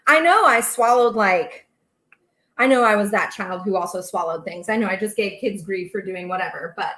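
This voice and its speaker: A woman's voice: medium pitch, moderate pace, a bit bright, roomy sound. A young woman hosting a casual baking livestream from her home kitchen, chatting and reading out viewer comments. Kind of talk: casual live-stream chat while cooking.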